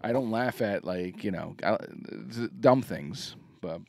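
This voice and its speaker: A man's voice: on the low side, measured pace, gravelly, no echo, studio quality. A man co-hosting a podcast in casual chat, rambling with restarts and laughing along. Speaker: podcast co-host.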